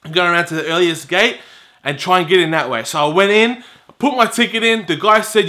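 Man in his twenties, high voice, bright tone, casual vlog storytelling, animated and exasperated. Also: fairly quick. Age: 20s. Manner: animated, exasperated, acts out quoted exchanges. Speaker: YouTuber telling a story.

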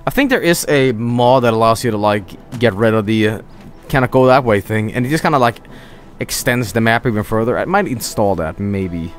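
A man's voice: mid-range voice, normal speed. Young male streamer, drowsy and rambling, allergy-itchy throat, faint game music underneath. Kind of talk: casual gameplay chat.

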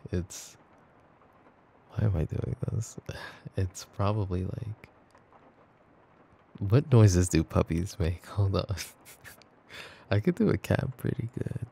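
A man voicing a needy, teasing boyfriend in a whispered role-play, playful and laughing as he switches between whispers and soft talk. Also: sits low, gravelly, breathy edge, full character voice. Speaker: ASMR voice actor.

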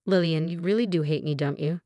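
A woman's voice: sits low, a little fast, dark tone, no room sound, natural voice. A woman voicing an arrogant, scornful middle-aged husband in a bossy, accusing tone.

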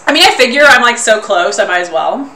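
A woman's voice: a little high, animated, fast. A young woman from Southern California with a Southern California accent, chatting casually with her stream while she cooks and swearing freely. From Orange County, Southern California. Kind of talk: casual cooking livestream. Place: home kitchen. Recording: roomy kitchen, mic a bit far, faint noise.

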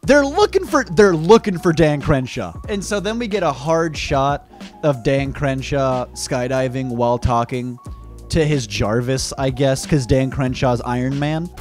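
A young man giving mocking, excitable comedic reaction commentary on a video. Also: mid-range voice, unhurried, soft background music. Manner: excitable, mocking, laughs at clips. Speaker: YouTube commentator.

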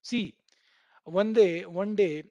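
A man's voice: high-pitched, slow, dark tone, no echo, highs cut off. A man teaching a programming class, explaining with everyday comparisons and checking in with students by asking "right?" after nearly every point. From India. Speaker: programming instructor. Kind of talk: live online coding class.

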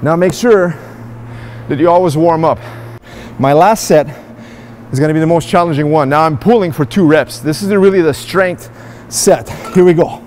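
A man's voice: a little high, normal speed, a little mellow, slight background noise. A man in an indoor gym demonstrating and explaining a workout, in an upbeat coaching manner that speaks straight to his viewers. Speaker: fitness vlogger.

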